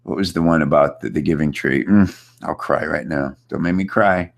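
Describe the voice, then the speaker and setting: A man's voice: a bass voice, normal speed, creaky. A man hosting a live online question-and-answer session, chatty and upbeat, talking loosely with plenty of fillers as he reads out viewer questions. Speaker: host of a live online Q&A chat. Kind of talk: casual coaching chat, reading viewer questions. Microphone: computer setup with screen share.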